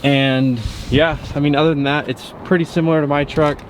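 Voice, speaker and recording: A man's voice: on the high side, little pitch movement, a little fast. A man giving a casual, upbeat walkaround of a truck in a vlog, with frequent fillers. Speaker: truck reviewer. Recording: windy outdoor noise.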